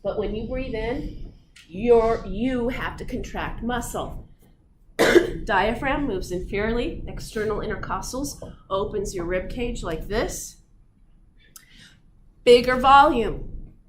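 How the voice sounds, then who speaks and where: A middle-aged woman teaching physiology to a class, telling animated stories and acting them out. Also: medium pitch, takes it slowly. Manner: animated, acts out her stories. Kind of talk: classroom lecture with storytelling. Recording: echoey room, audible room noise.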